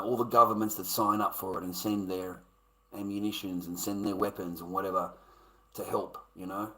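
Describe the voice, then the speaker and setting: A man's voice: fairly low pitch, sharp tone, rough recording. A man ranting bluntly and profanely at his live-stream chat. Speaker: livestreamer.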